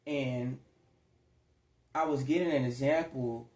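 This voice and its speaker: Taking it slowly, a man with a medium-pitched, steady, slightly mellow voice rambles through a casual tarot reading for his audience. The spiritual reading is aimed at the camera, sounds conversational with occasional acted quotes, and is recorded in an echoey room.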